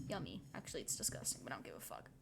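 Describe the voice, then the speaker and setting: A woman streaming, chatting casually with swearing and reading a novel aloud, often in a soft whisper. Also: rumbling low, very animated, racing, creaky, heavy background noise.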